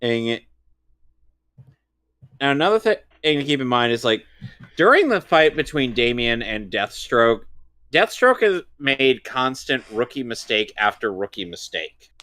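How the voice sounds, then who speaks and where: A man's voice: mid-range voice, very animated, a little slow, pushed and bright. A man co-hosting a casual watch-along chat, giving long-winded, opinionated breakdowns. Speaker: co-host.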